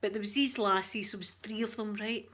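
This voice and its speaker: A woman's voice: mid-range voice, fairly even intonation, fairly quick, a bit bright. A middle-aged Scottish woman from Scotland, chatting casually to her viewers as an ASMR vlogger and telling stories in a talkative way. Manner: chatty storyteller, addresses viewers as "yous".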